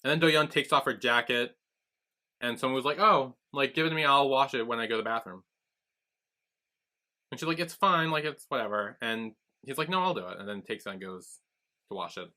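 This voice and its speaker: A man's voice: mid-range voice, brisk, long pauses. A man co-hosting a podcast, casually recapping episodes and acting out the characters' lines as he goes. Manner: animated retelling with quoted voices. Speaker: podcast co-host.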